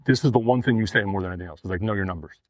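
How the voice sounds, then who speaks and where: A man co-hosting a casual podcast, briskly summing up points and asking follow-up questions. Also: on the low side, dry recording. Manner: brisk interviewer, sums up and asks follow-ups.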